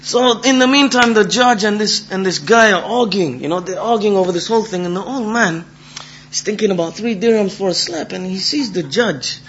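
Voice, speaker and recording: A man telling a folk tale aloud in a lively, casual way, full of asides. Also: sits high, fairly quick, highs cut off, slight background noise. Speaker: storyteller. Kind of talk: oral storytelling.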